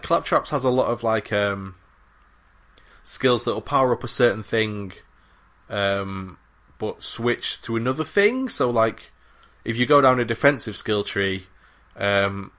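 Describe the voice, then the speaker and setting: A man's voice: fairly low pitch, expressive, a little slow, a bit bright. A man co-hosting a gaming podcast, talking casually and rambling with many fillers and restarts. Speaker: podcast co-host. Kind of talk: casual chat about games.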